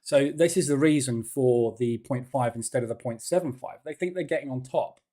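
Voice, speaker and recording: A man with a mid-range, dark-toned voice hosts a live trading stream, talking fairly quickly through market moves. He chats and rambles, full of fillers and restarts, and his mic is faulty.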